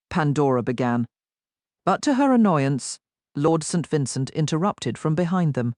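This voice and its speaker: A woman narrates a romance audiobook with a low voice and wide, lively pitch movement. The recording is dry and close, without room echo. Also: moderate pace. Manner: expressive, voices each character.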